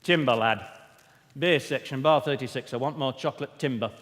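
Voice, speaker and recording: A man voicing a blunt Northern English male chorus director who barks loud, clipped commands to his singers, in an echoey hall. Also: medium pitch, a little fast, close to an everyday voice. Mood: bossy.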